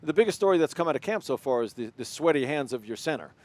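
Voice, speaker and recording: A man hosting a sports radio interview at a brisk clip. His voice sits fairly high for a man, and he asks long, rambling questions. He keeps needling his guest with jokes. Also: animated, a little mellow, no room sound. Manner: fast, joking, teasing.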